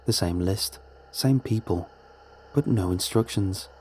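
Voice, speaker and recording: A man's voice: sits low, takes it slowly, darkish tone, a little hiss or hum. A man narrating a first-person horror story in a tense, dramatic manner.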